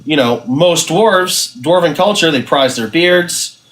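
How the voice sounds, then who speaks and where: A man's voice: fairly high pitch, animated, slow, fairly bright tone. A man co-hosting a podcast about running tabletop games, chatting in an encouraging way and saying "you know" a lot. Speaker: podcast co-host, game master. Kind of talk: casual podcast chat.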